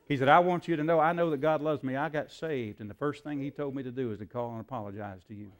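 A preacher man tells a story from the pulpit in an easy, folksy drawl. He slips into the voices of the people in his tale and fills pauses with "uh". His voice sits at a middle pitch. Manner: folksy storyteller, acts out dialogue, frequent fillers. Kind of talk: sermon storytelling.

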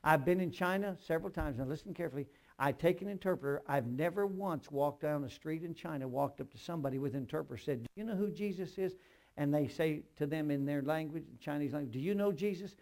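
Gravelly preacher telling stories. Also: male voice, a little high, fast, hardly any pauses, darkish tone. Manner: storytelling, acts out dialogue in quotes; addresses the congregation directly. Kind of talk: sermon.

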